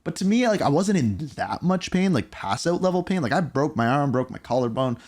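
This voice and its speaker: A man in his thirties telling a candid storytime vlog, animated and blunt, with casual swearing. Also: fairly high pitch, a little fast. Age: 30s. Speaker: YouTuber.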